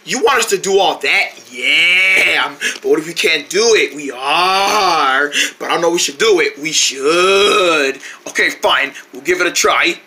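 Bright, bouncy skit voice with lively swings. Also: mid-range voice, a little slow, hardly any pauses, a little hiss or hum. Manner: playful, switches between goofy character voices; bursts into shouts and squeals. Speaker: channel host voicing several characters. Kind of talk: silly kids' character skit.

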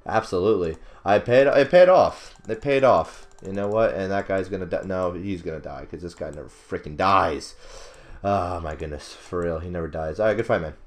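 A man's voice: low voice, fairly quick. A young man giving casual, rambling commentary over his own gameplay, swearing often, laughing at himself and bursting out in frustration. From not British. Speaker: gaming commentator.

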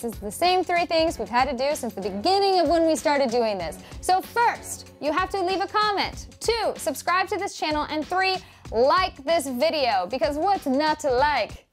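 A young woman presents space news straight to camera. Her voice sits high and swoops animatedly. She keeps it upbeat with playful, jokey asides to her viewers. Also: expressive, normal speed, soft background music. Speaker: news show host.

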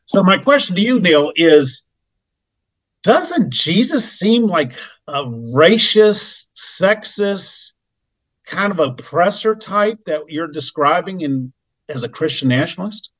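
A man hosting a panel discussion, asking measured questions. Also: high voice, very animated, fairly bright tone, rough recording. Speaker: host.

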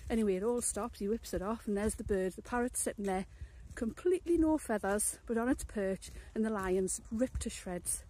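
Deadpan woman telling a crude joke. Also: mid-range voice, moderate pace, hardly any pauses. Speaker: joke teller.

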